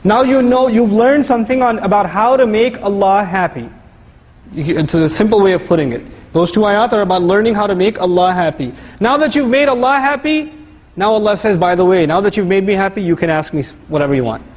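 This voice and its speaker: A man giving a lively, conversational sermon-style lecture, reciting Arabic verses and explaining them. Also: sits high, brisk, in a large hall, poor audio. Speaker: Islamic lecturer.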